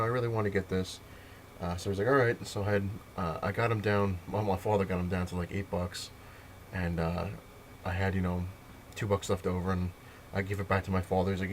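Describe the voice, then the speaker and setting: Fast-talking deep-voiced New man. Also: level tone, slight background noise. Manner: rambling, filler-heavy retelling. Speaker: comic collector vlogger. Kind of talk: casual storytelling to camera.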